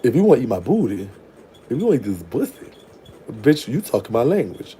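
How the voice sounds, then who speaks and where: A man's voice: mid-range voice, sing-song, fairly quick, mellow, husky. A young adult man telling a crude story in a casual, brash way, laughing and trailing off into murmurs. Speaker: vlogger telling prison stories.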